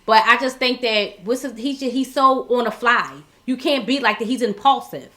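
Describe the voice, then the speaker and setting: A woman's voice: fairly high pitch, normal speed, pushed and bright. A woman hosting her own channel, giving blunt, exasperated political commentary in casual talk, with many restarts and repeated words. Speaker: vlog host.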